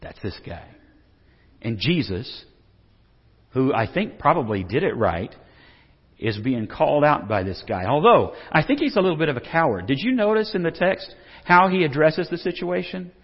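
A man's voice: on the high side, very animated, moderate pace, husky. A middle-aged man preaching a humorous sermon, telling stories with jokes and frequent restarts. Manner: joking, storytelling, frequent restarts. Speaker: pastor. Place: church sanctuary. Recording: dull lo-fi recording with long hall reverb.

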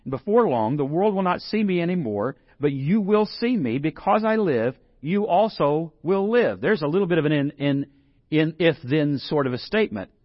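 A man's voice: a little high, animated, normal speed, no room sound, lo-fi sound. Conversational male pastor preaching, dry sound. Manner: conversational preaching, rising to emphatic scripture reading. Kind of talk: sermon.

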